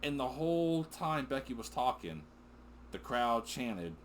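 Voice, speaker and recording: A middle-aged man in a casual wrestling recap chat, talking at a middle pitch. He rambles, restarts his points and gets sidetracked. A faint hiss of noise sits under his voice. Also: unhurried. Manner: excitable, rambling, often sidetracked and laughing. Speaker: co-host of a father-and-son wrestling recap show.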